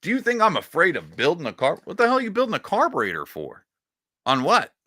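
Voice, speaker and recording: A man talks through a casual reaction commentary with a bright, forceful edge to his voice. His pitch swings up and down freely as he mocks what he is watching. The sound is close and dry, with no room around it. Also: wildly swooping pitch, quick pace, no echo. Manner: sarcastic, mocking, rambling. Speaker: political commentary host.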